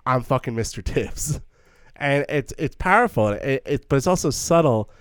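A man's voice: mid-range voice, lively intonation, normal speed, clear, resonant tone, no room sound, clean studio sound. A man co-hosting a casual film discussion, earnest and thinking aloud with many stumbling restarts. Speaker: podcast co-host.

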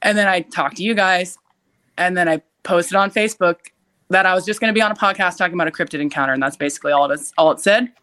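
A young adult woman, a podcast guest, telling a frightening story in a casual, animated way, with frequent "like" fillers and loud shouted quotes. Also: lowish voice, fast talker, clean tone. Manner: uses many fillers like "like".

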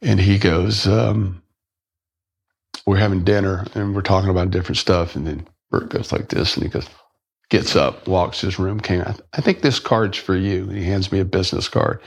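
A middle-aged man, telling a personal story as a podcast guest, halting and restarting his words and acting out the people he quotes. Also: sits low, steady tone, creaky, breathy edge.

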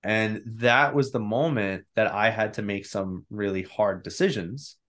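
A man in his thirties, a podcast guest, telling a personal story in a candid, animated way and acting out his own inner voice. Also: fairly low pitch, unhurried. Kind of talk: casual storytelling.

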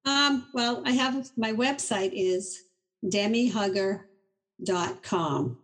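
A middle-aged woman from Boston, a guest on an interview show, telling stories in an animated, chatty way and often laughing through them. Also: medium pitch, takes it slowly, low-quality recording. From Boston, USA. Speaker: inventor, guest. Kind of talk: casual interview storytelling.

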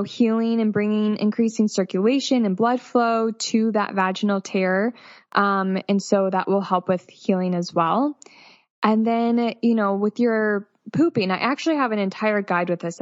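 A woman's voice: mid-range voice, no room sound. A woman in her thirties speaks as a nurse, explaining things plainly and reassuringly. The recording is dry and a little muffled, with no room sound. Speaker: postpartum nurse guest. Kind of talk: explanatory advice in interview.

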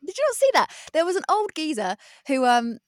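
A young woman, co-hosting a casual sports podcast, chatty and quick to laugh, a self-described sports novice. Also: high-pitched, very animated, dry recording, clean studio sound. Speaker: podcast co-host.

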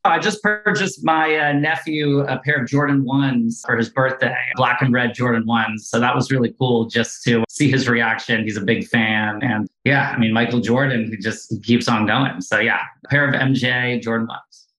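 A man answers quick questions in a relaxed, chatty style, full of casual fillers. His voice is bright. The room around him sounds roomy and echoey. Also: mid-range voice. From South Africa. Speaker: guest, venture investor. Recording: roomy echo.

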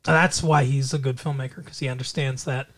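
A podcast co-host in casual movie chat, rambling through plot retellings in an animated way. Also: medium pitch, brisk.

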